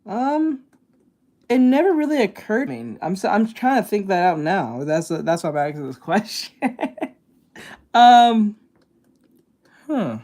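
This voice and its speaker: A man's voice: high voice, very animated, a little slow, long pauses, a little mellow. A man streaming live, chatting casually with viewers in a rambling, hesitant way, full of fillers and restarts. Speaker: art streamer reacting to videos.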